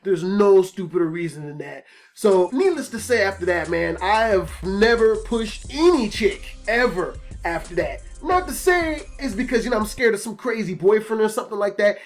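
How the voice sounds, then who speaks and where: A man's voice: high voice, expressive, normal speed, hardly any pauses, soft background music. A man telling a story from his own life as a casual storytime monologue, emotional and profane, who keeps dropping "man" into his talk. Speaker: YouTube storyteller.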